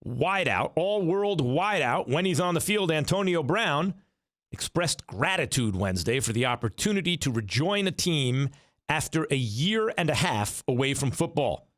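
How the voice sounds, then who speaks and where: Middle-aged male sports radio host, opinionated, animated pitch, dry studio sound. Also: moderate pace, dry recording. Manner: argumentative, rhetorical questions, animated delivery.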